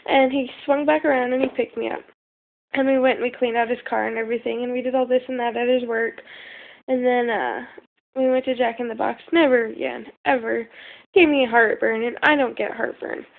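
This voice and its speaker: A woman's voice: fairly high pitch, steady tone, a little fast, gravelly, narrow, tinny audio. A young woman telling a rambling story in casual talk, full of fillers and the odd swear word, recorded on a phone. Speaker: vlogger.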